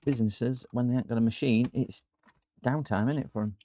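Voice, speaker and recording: A man's voice: medium pitch, brisk, warm tone, slight background noise. Chatty man narrating a repair. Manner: rambling, chatty, talks to viewers while working. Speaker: repair channel host. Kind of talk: live-streamed repair commentary. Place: repair workshop.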